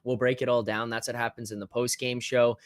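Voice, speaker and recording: A man talking hockey on a podcast as a guest, animated and rambling, swearing freely, with a lot of filler words. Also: mid-range voice, a little fast, no room sound, studio quality. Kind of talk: casual hockey podcast chat.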